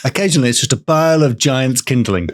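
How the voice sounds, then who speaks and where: A man hosting a podcast, telling a folk tale in casual chat, playful and quick to laugh. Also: mid-range voice, expressive. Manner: playful, laughs often, tells folklore. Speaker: podcast storyteller host.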